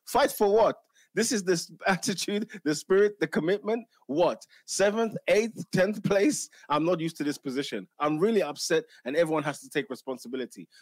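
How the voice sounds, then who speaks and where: A man doing an impression of an exasperated, middle-aged Italian football manager, speaking halting broken English with an Italian accent. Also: fairly high pitch, no echo, natural voice.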